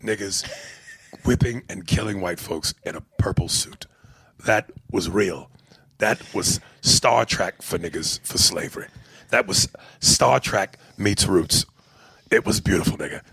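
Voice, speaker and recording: Man doing a hushed, scornful old comedian rant. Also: slightly rough, dry recording, heavily acted. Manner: low, half-whispered, drawn-out rant. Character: cynical older male comedian ranting, low and hushed. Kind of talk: comic impression.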